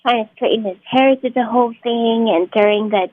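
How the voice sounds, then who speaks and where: This actress, a guest on an interview show, has a fairly high voice and talks fairly quickly, with no echo. The line sounds tinny, like a phone, as she chats through her stories and laughs readily.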